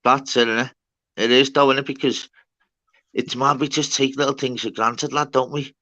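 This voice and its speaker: Chatty man, bright voice. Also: medium pitch, steady tone, normal speed, dull audio. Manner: chatty, slangy, loud. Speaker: livestream host. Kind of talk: casual chat on a livestream.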